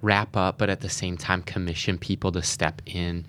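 A man's voice: deep voice, little pitch movement, normal speed, a bit bright, slight background noise. A man hosting a podcast interview, asking questions and encouraging his guest. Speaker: podcast host.

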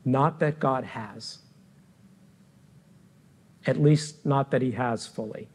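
Man, middle-aged, pastor, sermon, unhurried, pausing often, earnest, reflective. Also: mid-range voice, breathy edge. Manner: slow, deliberate, with frequent pauses between phrases.

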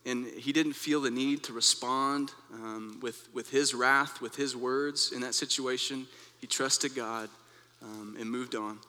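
Young man, preacher, bright tone, long reverb, earnest conversational storytelling. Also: mid-range voice, fairly even intonation, measured pace. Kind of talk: devotional talk with personal story.

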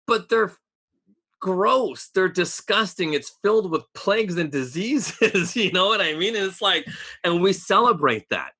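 A man's voice: high voice, animated, unhurried, sharp tone, husky. A man in casual podcast chat, opinionated and ranting, with sarcastic asides.

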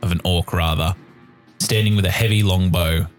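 Low-voiced male game master. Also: steady tone, soft background music. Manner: descriptive, deliberate. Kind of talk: narrating a tabletop game.

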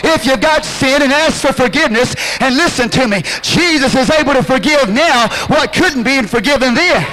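High bright-voiced preaching man. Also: poor audio. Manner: impassioned preaching with drawn-out phrases and sudden shouts. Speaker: pastor. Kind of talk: sermon.

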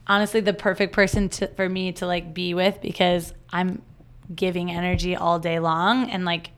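A woman's voice: on the low side, little pitch movement, normal speed, clean tone. A woman guest on a podcast in casual chat, talking chattily with many fillers. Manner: chatty, filler-heavy, lots of "like".

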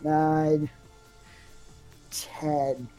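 A woman playing a tabletop game, excitable and hesitant, with filler uhs. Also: low voice, extremely slow, faint music behind. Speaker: player. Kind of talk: casual tabletop play.

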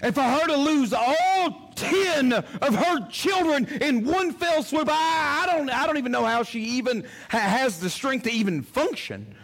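A man's voice: very high-pitched, lively intonation, unhurried, hardly any pauses, a bit bright. A male pastor preaching a sermon in an impassioned, emphatic way, often repeating his phrases.

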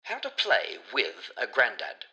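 A man reading a children's picture book aloud in an expressive, playful storytelling manner. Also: fairly low pitch, a little slow, slight background noise. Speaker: storybook reader.

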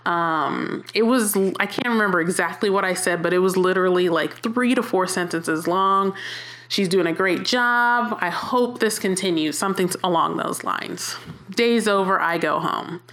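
A woman's voice: fairly low pitch, moderate pace. A woman hosting a podcast, telling a personal story in a candid, chatty way, with frequent fillers and self-corrections. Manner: animated when quoting herself. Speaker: podcast host.

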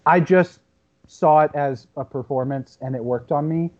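A man in his thirties with a fairly high voice muses over a film as podcast co-host. His audio is dull and lo-fi, and he thinks out loud with frequent stops and restarts. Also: normal speed. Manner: reflective, thinks aloud with many restarts. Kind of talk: casual movie discussion.

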